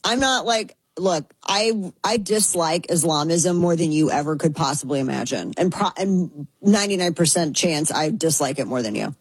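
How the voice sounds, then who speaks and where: A woman with a low, husky voice hosts a casual talk show. She is chatty and sarcastic and keeps dropping into mocking voices. The sound is dry and close. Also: expressive, moderate pace, few pauses, dry recording, rough recording. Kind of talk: casual commentary.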